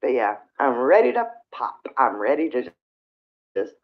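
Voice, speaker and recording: Middle-aged virginia lady rambling on a livestream, gravelly voice, dull lo-fi audio. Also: very deep voice, very animated, unhurried. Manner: rambling, venting, frequent sighs. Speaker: livestream host. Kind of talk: casual livestream chat with viewers.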